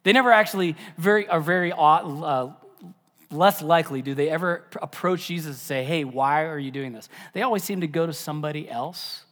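A man preaching a sermon as pastor, animated, dropping to a whisper for emphasis. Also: on the high side, fairly quick, big-room sound. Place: church.

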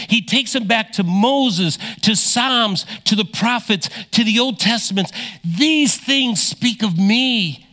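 Middle-aged male pastor, emphatic sermon delivery, high and bright. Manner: emphatic preaching, swinging from loud to hushed.

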